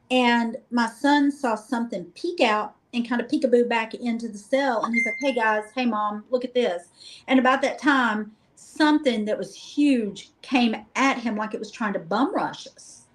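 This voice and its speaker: A middle-aged woman guest, telling lively, joking stories about a paranormal investigation in a casual chat. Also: a little high, rough recording. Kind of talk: casual storytelling.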